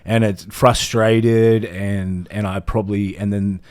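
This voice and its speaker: A man's voice: lowish voice, little pitch movement, slow, a little mellow. An Australian man co-hosting a casual podcast, laid-back and rambling, swearing freely. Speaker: podcast co-host.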